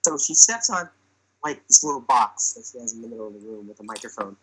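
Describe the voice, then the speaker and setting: Bright, husky young man telling a story. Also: medium pitch, expressive, quick pace, low-quality recording. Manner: chatty, filler-heavy, acts out quoted lines. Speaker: podcast storyteller. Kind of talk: casual comic storytelling.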